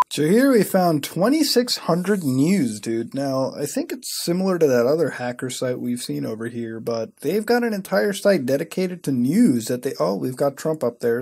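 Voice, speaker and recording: Young male commentator in his twenties, husky voice, swears constantly, sarcastic rants that spike up high. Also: a little mellow. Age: 20s. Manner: profane, sarcastic ranting with sudden high-pitched outbursts. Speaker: web-browsing commentator. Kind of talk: casual screen-recording commentary.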